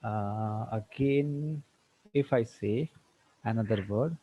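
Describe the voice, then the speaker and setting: A man teaching an online tutorial, firing quick questions at students and slipping into Hindi. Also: lowish voice, husky. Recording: dull lo-fi dry sound.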